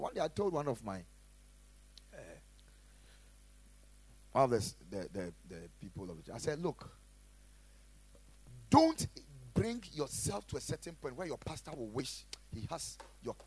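A man preaching a sermon as pastor, emphatic, repeating phrases and swinging between loud and quiet. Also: a little high, slightly rough, no echo. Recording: faint music behind.

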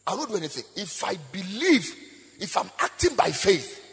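A man preaching a sermon, chanting in a sing-song voice, rising to shouts, asking the crowd call-and-response questions and breaking into tongues. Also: sits high, very animated, normal speed, slightly rough. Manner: bursts of praying in tongues. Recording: echoey hall with faint music.

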